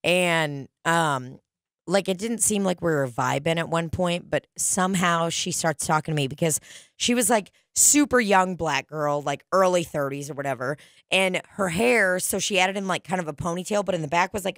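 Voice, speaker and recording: A woman's voice: lowish voice, no room sound, studio quality. A woman casually telling a comic story, chatty and profane, full of fillers like "like".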